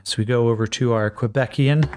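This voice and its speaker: A man's voice: medium pitch, steady tone, a little fast, darkish tone, slight background noise. A man narrating a solo tabletop game, thinking aloud with frequent fillers and joking at his own attempts at accents.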